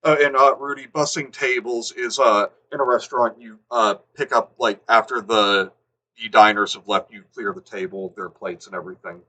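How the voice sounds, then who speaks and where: A man's voice: on the low side, steady tone, moderate pace, bright, forceful tone, low-quality recording. A man hosting a livestream, reading a fanfic aloud, exasperated and swearing as he goes. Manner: exasperated, swearing, breaking into laughter. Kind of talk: live comedic dramatic reading.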